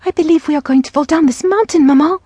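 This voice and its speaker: A woman's voice: high-pitched, quick pace, warm tone, dry recording, voice pushed up, close to an everyday voice. A woman voicing a timid, sickly young girl who pleads in fear. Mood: frightened. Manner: fearful, pleading, whiny.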